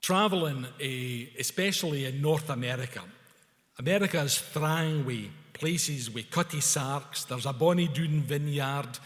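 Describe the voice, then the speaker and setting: A man's voice: fairly high pitch, unhurried, big-room sound. A man with a Scottish accent telling a story to an audience at a public event, using broad Scots words. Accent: Scottish, Scots dialect. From Scotland. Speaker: speaker at a culture event. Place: event hall.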